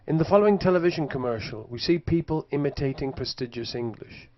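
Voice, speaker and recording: A man narrating a linguistics lesson in a measured, scripted way, slowing down to demonstrate pronunciations. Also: medium pitch, dry recording, muffled recording. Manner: slow careful demonstrations of pronunciation. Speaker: lecturer.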